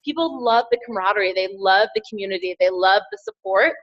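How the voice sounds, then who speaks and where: A woman's voice: medium pitch, fast, muffled recording. A woman giving an upbeat motivational training talk as a team trainer, encouraging her listeners and repeating key phrases.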